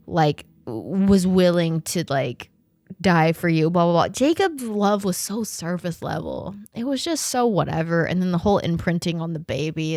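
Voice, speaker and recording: A woman's voice: on the low side, no room sound, clean studio sound. A woman in her twenties hosting a podcast, chatting casually, swearing and laughing, and stumbling as she reads aloud. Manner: animated, swearing, laughing often, reading aloud haltingly. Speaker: podcast host. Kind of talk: casual chat.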